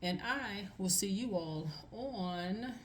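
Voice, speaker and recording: A woman's voice: mid-range voice, lively intonation, slow, very noisy. A woman giving a casual tarot reading to her viewers, emphatic and repeating phrases for stress. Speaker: tarot reader.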